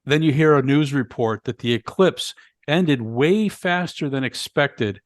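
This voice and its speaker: A man's voice: on the high side, a little slow, no room sound, clean studio sound. Man recapping a horror film plot. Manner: retells plot step by step with fillers. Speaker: podcast co-host. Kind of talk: casual movie review chat.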